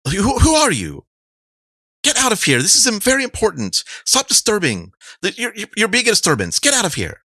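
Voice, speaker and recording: A shrill woman, put on by a male game master, scolds in a high, hurried voice. She stammers as she snaps, sounding bossy and officious in a tabletop game. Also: wildly swooping pitch, bright, forceful tone, husky, dry recording, heavily acted. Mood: irritated. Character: shrill, bossy middle-aged woman at a meeting.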